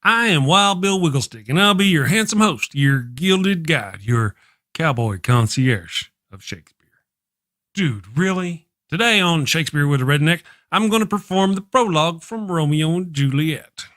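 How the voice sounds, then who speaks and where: A man's voice: fairly high pitch, expressive, moderate pace, a bit bright, dry recording, clean studio sound. A man voicing a boastful redneck cowboy who hosts a comedy sketch with folksy, hammy delivery.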